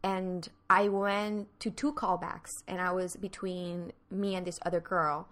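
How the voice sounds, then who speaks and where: A woman's voice: on the low side, flat delivery, a bit bright. A woman from Puerto Rico with a Spanish accent, an improv actor chatting casually and restarting her sentences often. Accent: Puerto Rican Spanish. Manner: halting, full of fillers and restarts. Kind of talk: casual chat.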